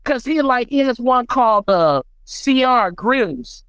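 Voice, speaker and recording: American male guest, emphatic storyteller, dry close sound, lively pitch. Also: slow, smooth, dry recording, rough recording. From United States. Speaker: guest beatmaker. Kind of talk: casual podcast chat.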